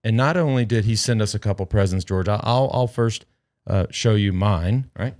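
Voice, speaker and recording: A man's voice: fairly low pitch, moderate pace, darkish tone. A man hosting a podcast in casual chat, rambling and joking with plenty of swearing, into a headset mic. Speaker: podcast host.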